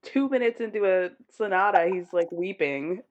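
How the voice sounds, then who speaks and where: A woman's voice: mid-range voice, expressive, normal speed, dull audio, a little hiss or hum. A woman chatting casually about a TV show, leaning on "like" and mock-quoting characters. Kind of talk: casual chat recapping a TV show.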